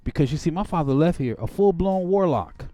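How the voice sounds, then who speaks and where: A man preaches in a high, urgent voice that swings from quiet, reflective stretches to angry, heated bursts. The sound is dry and close, with no room echo. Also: lively intonation, moderate pace, faint music behind. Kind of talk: impassioned sermon-like testimony.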